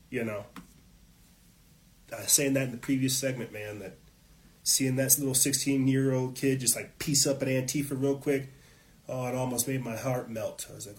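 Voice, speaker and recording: A man hosting his own show, delivering an impassioned political monologue, fired up and swearing often. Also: mid-range voice. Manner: fired up, profane, preachy. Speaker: show host.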